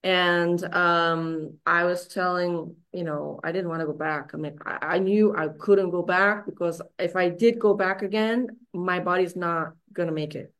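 Podcast guest, woman, middle-aged, low voice; candid, unpolished storytelling full of restarts. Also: steady tone, measured pace, few pauses, fairly bright tone. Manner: raw, frank, swearing, many fillers and restarts.

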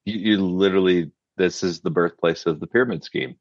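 A man co-hosting a history podcast, chatting casually with quick, wry asides. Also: low voice, no echo, dull audio. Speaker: podcast co-host.

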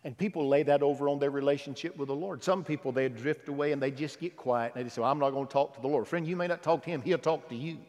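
A man preaching a sermon who swings from loud exhortation to hushed, intimate asides. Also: fairly high pitch, steady tone, fast, hardly any pauses, big-room sound.

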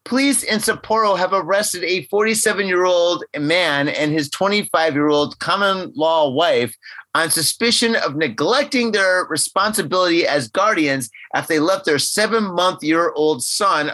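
A man hosts a podcast in a high, bright, lively voice that jumps around a lot. He jokes excitably and laughs often between the news stories he reads. The sound is close and dry. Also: no echo. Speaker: podcast host. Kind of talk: casual podcast banter.

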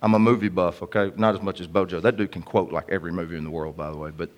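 A man's voice: deep voice, steady tone, very fast, muffled recording. A man preaching a conversational, jokey sermon to a congregation.

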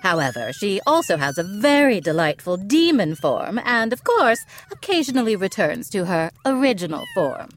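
A woman's voice: medium pitch, big pitch swings, moderate pace, few pauses, slight background noise, lightly acted. A woman voicing a commanding, dry-witted witch in an audio drama, with music playing underneath. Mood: wry. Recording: music beneath the voice.

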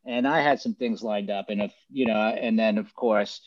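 A man, a comedian guest, chatting loosely over a video call, halting and restarting as he goes. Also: lowish voice, muffled recording.

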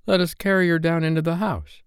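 A man's voice: on the high side, fairly even intonation, brisk, smooth, no echo, studio quality, pitched above the performer's own voice, lightly acted. A man voicing an eager, loyal young boy who answers dutifully.

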